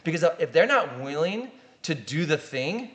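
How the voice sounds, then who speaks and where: A middle-aged man, a pastor, talks in a relaxed podcast chat. His voice sits somewhat high, and he leans into animated storytelling, playing out each quoted line. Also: normal speed, muffled recording. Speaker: pastor and guest. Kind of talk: casual podcast conversation.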